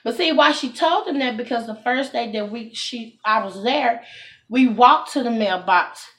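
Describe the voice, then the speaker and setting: A woman telling a storytime to her viewers, animated and indignant, calling them y'all. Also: on the high side, normal speed. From Texas. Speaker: vlogger. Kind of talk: casual storytime talk to camera.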